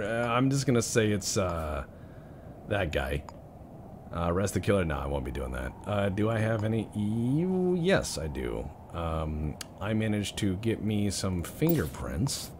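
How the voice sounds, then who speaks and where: Young male gamer, joking commentary, swooping pitch, noisy recording. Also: lively intonation, a little slow. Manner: joking, mutters to himself. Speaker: let's-play gamer. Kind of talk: casual game commentary.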